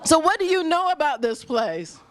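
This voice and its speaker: Woman host, high voice, very lively swooping pitch, bubbly and gushing, restaurant interviews. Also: moderate pace, a faint crowd. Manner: bubbly, gushing, laughs often. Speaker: on-location host interviewing diners. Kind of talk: upbeat casual interviewing. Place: busy restaurant.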